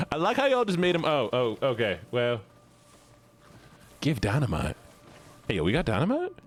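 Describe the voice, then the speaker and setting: Southern-accented male streamer, excitable, laughing and cursing, wildly animated pitch. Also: normal speed. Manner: excitable, laughing, swearing, talking to chat. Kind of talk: casual gameplay commentary.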